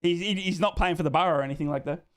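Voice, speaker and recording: Chatty Australian man with a high voice. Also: racing. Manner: chatty, jokey, repeats himself, says "mate". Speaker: football watchalong streamer. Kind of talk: live stream chat, reading fan comments.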